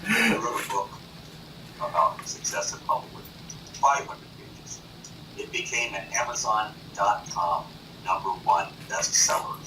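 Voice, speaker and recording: A man from North Carolina, a boastful and animated talk show guest in a TV studio. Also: sits low, recorded from a distance. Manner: boastful, animated, does quick impressions. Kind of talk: boastful chat. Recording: echoey room, off-mic, noisy.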